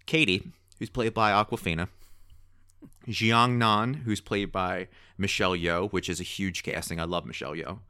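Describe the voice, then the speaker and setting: A man co-hosting a podcast in casual chat, talking in an excitable, rambling way. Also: low-pitched, normal speed, clear, resonant tone, no echo, clean studio sound. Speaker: podcast co-host.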